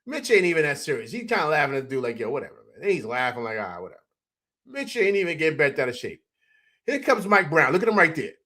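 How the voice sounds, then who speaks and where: A young adult man hosting a casual postgame livestream, breaking down highlights and greeting viewers in an excited, chatty way that is full of fillers. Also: fast talker. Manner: excited, animated, repeats "man" and "you know what I'm saying". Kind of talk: casual sports commentary over highlights.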